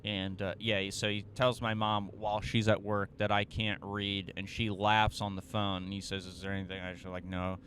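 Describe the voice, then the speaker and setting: Bright-voiced man telling a rambling story. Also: fairly low pitch, level tone, moderate pace, hardly any pauses, slight background noise. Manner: profane, self-mocking, rambling with fillers and restarts. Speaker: podcast host. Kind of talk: casual storytelling monologue.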